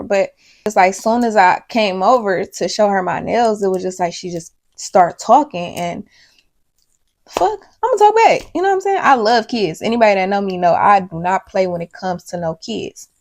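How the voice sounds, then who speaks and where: Young adult woman, gravelly, casual and profane storyteller for a vlog. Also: mid-range voice, a little fast, darkish tone. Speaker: vlogger.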